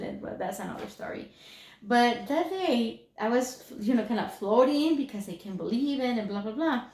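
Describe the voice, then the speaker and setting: A woman's voice: medium pitch, a little mellow. Middle-aged lady telling a story to a class, lots of ums and restarts, echoey room. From Mexico. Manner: rambling, many fillers and restarts. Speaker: class speaker. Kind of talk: personal story talk.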